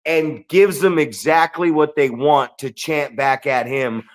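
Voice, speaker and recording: A man co-hosting a wrestling podcast, telling excited stories in a casual, profane way and acting out what others said. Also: on the high side, a little slow. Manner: animated, swearing storyteller who acts out quotes. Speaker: podcast co-host.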